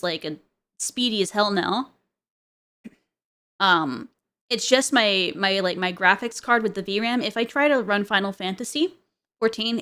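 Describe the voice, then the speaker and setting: A woman's voice: medium pitch, fairly bright tone. A woman streamer in casual chat, rambling with many fillers and frequent giggles.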